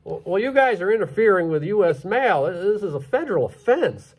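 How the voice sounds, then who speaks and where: A man's voice: high voice, very animated, a little fast, slightly rough, exaggerated voice. Guy playing a stern officious mailman in a told tale, rule-bound. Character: stern, by-the-book male postman.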